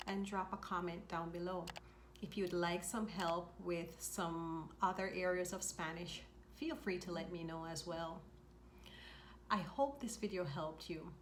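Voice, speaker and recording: A woman teaching a spoken lesson, repeating each phrase slowly and clearly. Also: lowish voice, a little hiss or hum. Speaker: language teacher. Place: home in Mexico.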